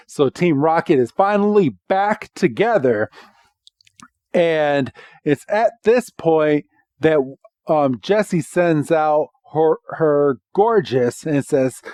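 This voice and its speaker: A man co-hosting a podcast and casually recapping a cartoon episode, with animated storytelling full of voiced quotes. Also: a little high, takes it slowly, no echo, studio quality. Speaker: podcast co-host.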